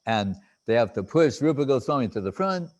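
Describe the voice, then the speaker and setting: A man giving a devotional talk as a spiritual teacher, halting often with fillers and restarts and reciting Sanskrit verses haltingly. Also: mid-range voice, big pitch swings.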